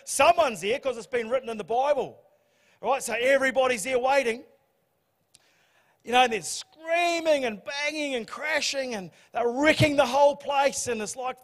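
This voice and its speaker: A man preaching a sermon, telling the story in a humorous, animated way. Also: very high voice, normal speed. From New Zealand. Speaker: pastor. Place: church hall. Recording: church hall reverb.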